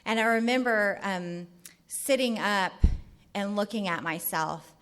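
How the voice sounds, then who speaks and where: A middle-aged woman from California telling her recovery story at a meeting in a candid, halting way. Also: mid-range voice, fairly bright tone. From California, USA. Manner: candid, halting, lots of fillers.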